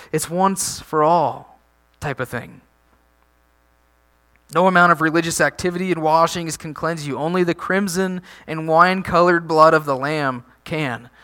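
A pastor delivers a sermon in a high, bright voice, preaching with animation. He throws rhetorical questions at the congregation and restarts phrases as he builds each point, keeping his tone energetic and direct.

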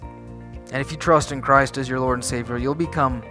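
A man preaching a sermon as a pastor, animated, asking the congregation rhetorical questions and often restarting his sentences. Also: mid-range voice, moderate pace, faint music behind.

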